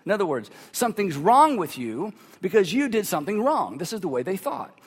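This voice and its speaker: A man's voice: high voice, big pitch swings, brisk, breathy edge, big-room sound. A man preaching a sermon, telling the story with animation, repeating key phrases and acting out the voices of the people in it. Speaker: pastor.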